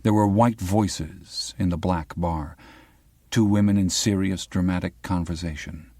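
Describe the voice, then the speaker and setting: Brief: male audiobook narrator, very low voice, dry close-miked read. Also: fairly even intonation, a little slow, dark tone, dry recording. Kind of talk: scripted narration.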